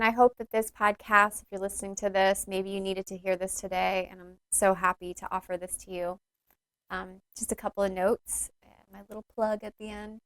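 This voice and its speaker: With a medium-pitched voice, a woman who teaches yoga reflects alone on her own podcast, rambling in an earnest, intimate way full of fillers. There's no room sound.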